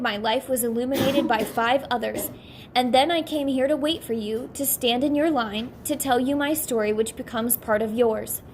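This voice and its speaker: A calm blue man guiding souls, read by a woman. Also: high-pitched, slight background noise, close to an everyday voice. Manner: gentle, measured explaining. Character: calm, patient blue man, a heavenly guide.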